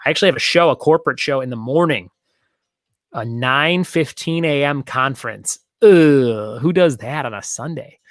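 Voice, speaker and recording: A man's voice: medium pitch, moderate pace, fairly bright tone, no echo, clean studio sound. A man hosting a casual online trivia night, chatting in long rambling asides and repeating each question. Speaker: trivia host.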